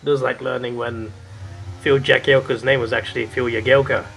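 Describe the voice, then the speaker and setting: Here is a young man rambling casually over his gameplay, his voice sitting at an ordinary middle pitch. He tells jokey stories in a loose, slangy way. A faint hiss of noise runs underneath. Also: little pitch movement, fairly quick, gravelly, a bit bright, rough recording. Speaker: gaming video creator.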